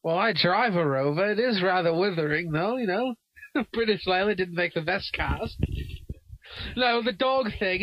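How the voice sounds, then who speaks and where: A young man improvising as a talk show guest in a put-on English-Australian accent, rambling and filling every pause with "you know", recorded in a parked car. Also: high voice, no echo, highs cut off. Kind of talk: improvised comedy sketch.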